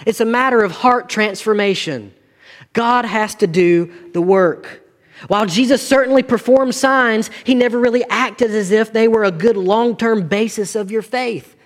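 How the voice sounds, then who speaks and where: High-voiced pastor preaching. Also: male voice, moderate pace, long reverb tail. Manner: earnest preaching, rising and falling intensity. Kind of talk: sermon.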